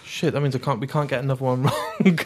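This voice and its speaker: A man's voice: medium pitch, fairly even intonation, quick pace. A man co-hosting a casual podcast, laughing often and stumbling over his words when nervous. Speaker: podcast co-host.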